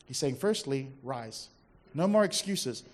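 A man preaching a sermon to a congregation in a conversational, emphatic way, dropping to a quiet, intense voice for quoted words. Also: mid-range voice, animated, a little slow. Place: church service before a congregation.

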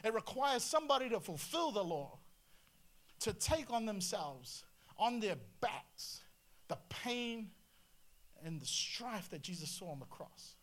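A male pastor preaching a sermon in an animated way, full of rhetorical questions and swings between loud and quiet. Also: sits high, a little slow.

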